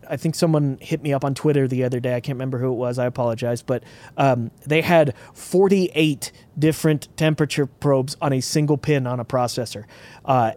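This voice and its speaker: A man's voice: mid-range voice, a little mellow. A man hosting a podcast, chatting casually about a project he is designing, thinking aloud with frequent restarts. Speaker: podcast host. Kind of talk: casual technical chat.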